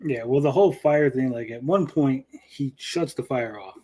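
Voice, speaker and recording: A man's voice: medium pitch, moderate pace, crowd noise, rough recording. A man co-hosting a casual review chat, blunt and profane, often mimicking characters. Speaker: podcast co-host.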